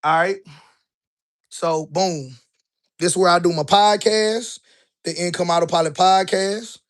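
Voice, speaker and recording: A man's voice: sits high, measured pace. A man talking casually on a live stream while walking through a house with a handheld phone, loose and chatty, often tossing in "right?". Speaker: online business coach. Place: indoors in a house, walking room to room.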